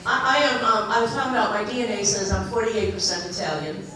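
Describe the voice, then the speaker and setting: A woman's voice: mid-range voice, steady tone, a little fast, very noisy. A woman from Boston with a Boston accent, a cabaret singer chatting and joking with a live audience between songs. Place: senior center hall. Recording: echoey hall, mic at a distance, loud piano.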